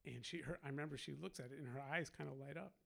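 A man's voice: a little high, very fast, creaky, fairly bright tone. A man telling a long personal anecdote in a casual way, laughing often and acting out the people he quotes. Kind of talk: casual storytelling.

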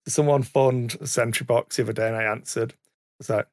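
A man's voice: mid-range voice, steady tone, a little fast, a little mellow, no room sound. Man, casual podcast chat, rambling, self-correcting, swears, dry close sound. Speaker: podcast co-host. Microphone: studio mic, sometimes too far from it.

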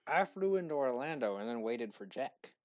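A man's voice: mid-range voice, big pitch swings, normal speed, no room sound. A man co-hosting a casual podcast, bantering in an easygoing, playful way. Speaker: podcast co-host. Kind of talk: casual chat.

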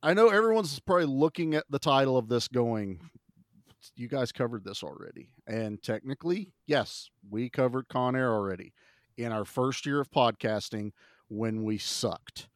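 A man's voice: mid-range voice, animated, normal speed, no room sound. Rambling male podcast host, dry sound. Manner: rambling, playfully defensive. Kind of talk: casual chat.

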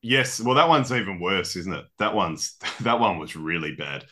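A man co-hosting a casual sports podcast, chatty and quick to laugh, with mock-legal banter. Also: sits low, lively intonation, bright, forceful tone. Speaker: podcast co-host.

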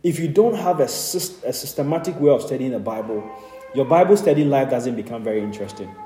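A man's voice: mid-range voice, animated, brisk, warm tone, roomy sound, soft background music, poor audio. A man, a pastor, teaching a Bible study, earnest and direct, with frequent amens and light laughs.

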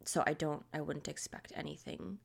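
Gravelly, low-voiced woman with a scratchy throat. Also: fairly even intonation, normal speed. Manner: rambling, many fillers, laughs often. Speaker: podcast host. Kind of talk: casual chat.

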